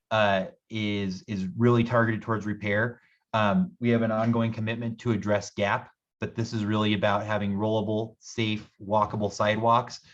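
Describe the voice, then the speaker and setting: A man presenting a city budget at a public meeting, talking rapidly with many repeated words and restarts. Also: lowish voice, dull audio.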